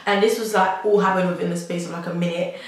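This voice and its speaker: A young woman talks straight to camera in a rambling, chatty way, leaning on "like" and slipping in nervous laughs. Her voice sits slightly low, and the sound bounces around a very echoey room. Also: steady tone, quick pace. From South London. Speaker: vlogger. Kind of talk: personal storytelling to camera. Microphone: camera mic.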